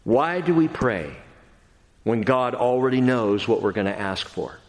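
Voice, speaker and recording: A pastor preaching an expository sermon, earnest and emphatic, going from quiet passages to loud ones. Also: male voice, mid-range voice, lively intonation, measured pace. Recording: long hall reverb.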